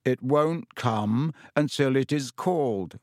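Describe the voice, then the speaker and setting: A man voicing a sinister young man who speaks quietly, calmly and with smug menace. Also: mid-range voice, slow, dry recording, clean studio sound, lightly acted. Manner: quiet, calm, smoothly menacing.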